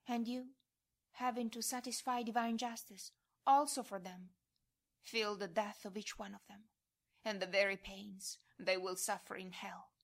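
A woman giving a devotional prayer reading in a hushed voice that often drops to a whisper. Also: mid-range voice, steady tone, measured pace. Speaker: prayer reader.

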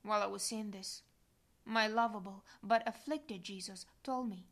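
A woman reading aloud a devotional diary in a solemn, measured manner. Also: medium pitch, a bit bright. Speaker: reader.

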